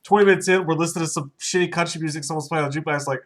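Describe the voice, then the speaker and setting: A man's voice: on the high side, steady tone, a bit bright. A man co-hosting a casual movie podcast, telling jokey stories and acting out what others said. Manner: quick, jokey, acts out quotes. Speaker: co-host of a movie channel.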